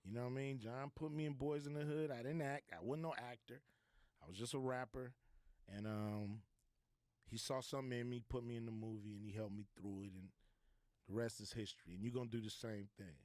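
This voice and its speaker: A man as a podcast guest, telling a story in a laid-back, slangy, animated way. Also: medium pitch, fairly quick, no echo, studio quality. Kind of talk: casual storytelling.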